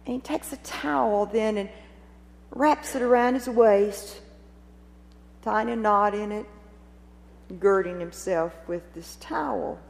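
Expressive woman preaching in a reverberant hall. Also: on the high side. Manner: expressive, dramatic storytelling with rhetorical questions. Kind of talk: sermon retelling a Gospel scene. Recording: long reverb of a large hall.

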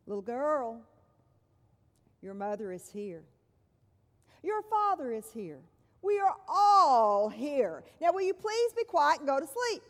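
A woman's voice: sing-song, takes it slowly, long pauses, heavily acted. A woman voicing an irritable, sleepy male train passenger with a thunderous voice, heard with long hall reverb. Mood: exasperated. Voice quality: thunderous, booming.

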